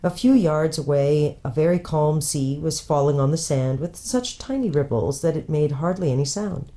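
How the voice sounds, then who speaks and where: A woman pastor with a low, mellow voice reads a children's book aloud. Her storytelling is gentle and unhurried.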